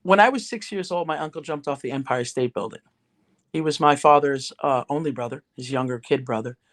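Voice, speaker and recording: Animated middle-aged woman storyteller. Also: rumbling low, fairly quick. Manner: animated, conversational storyteller with restarts. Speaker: guest, ghostwriter and speaker. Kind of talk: told anecdote and podcast chat.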